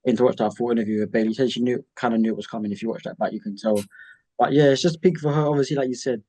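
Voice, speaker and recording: A man's voice: mid-range voice, fairly even intonation, rapid-fire, warm tone. A man co-hosting a casual wrestling chat, easygoing and upbeat. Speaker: podcast co-host.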